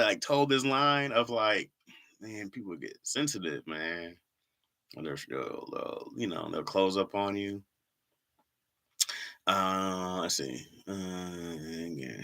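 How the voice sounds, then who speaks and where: A man's voice: low voice, lively intonation, measured pace, long pauses, sharp tone. A man who does comedy, chatting casually on a live stream, reading comments aloud and laughing often.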